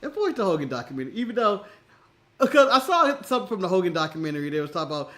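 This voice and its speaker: High, bright-voiced animated American man. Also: brisk. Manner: animated, laughs often, swears, acts out quoted voices. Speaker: podcast co-host. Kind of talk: casual wrestling chat.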